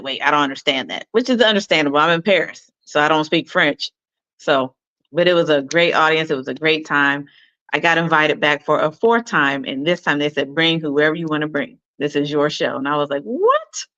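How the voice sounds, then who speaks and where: On a video call, a talk show guest from Arizona chats casually and tells anecdotes, quoting the people in her stories. Her low-pitched voice is a bit bright, with no echo and the highs cut off.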